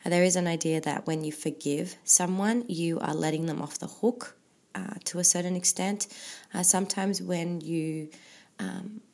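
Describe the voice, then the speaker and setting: A woman's voice: fairly low pitch, fairly even intonation, normal speed, gravelly, a little mellow. A middle-aged woman hosting a faith-based podcast, talking earnestly and reflectively with frequent ums. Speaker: podcast host.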